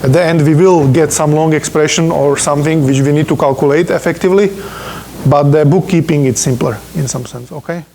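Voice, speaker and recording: A man's voice: on the high side, steady tone, fairly quick, gravelly, warm tone, a little hiss or hum. A man who is not a native English speaker, lecturing on physics in an informal, joking way and often checking in with "okay?". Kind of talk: university lecture. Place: lecture room.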